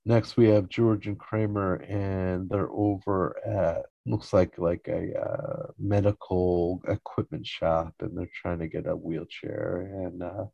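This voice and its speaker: A man hosting a show, casually recapping a sitcom episode in a relaxed way, acting out the lines and chuckling often. He is recorded close on a mic with a dull, lo-fi sound. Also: sits low, slow pace, gravelly, few pauses, dry recording.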